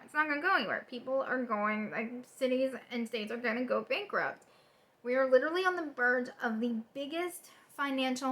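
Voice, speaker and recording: Woman, political vlog rant, angry and exasperated, swears, fairly high voice, sharp tone. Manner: rapid repetitions and restarts. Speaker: political vlogger.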